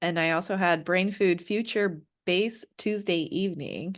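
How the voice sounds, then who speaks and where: Woman, podcast co-host, slow pace, relaxed, frequent laughter. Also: on the low side. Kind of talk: casual chat.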